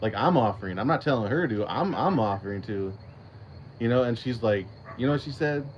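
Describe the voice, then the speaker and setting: A man's voice: medium pitch, animated, brisk, muffled recording, a little hiss or hum. A man hosting his own channel, chatting casually and rambling through a story with lots of swearing, restarts and laughter. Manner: rambling, profane, laughs often. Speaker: channel host. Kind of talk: casual livestream chat.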